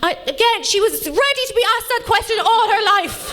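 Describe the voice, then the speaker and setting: An Irish woman in her late thirties performing a bawdy stand-up set with deadpan punchlines, teasing the crowd. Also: very high-pitched, brisk. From Ireland. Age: late 30s. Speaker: stand-up comedian. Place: comedy club stage before a live audience.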